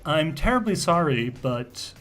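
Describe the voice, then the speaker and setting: A woman's voice: sits low, sing-song, unhurried, faint music behind, pitched above the performer's own voice. A man voicing a polite, apologetic female receptionist with cybernetic eyes.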